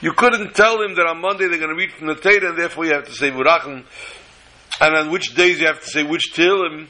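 A man recounts a story in the manner of a sermon, with an expressive, dramatic delivery. His voice is very bright and sits somewhat high for a man. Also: fast, poor audio.

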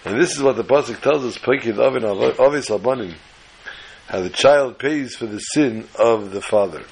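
A man's voice: mid-range voice, normal speed, vocal fry, slightly rough, low-quality recording. A man giving an emphatic, lecturing sermon-style scripture lesson as a religious teacher.

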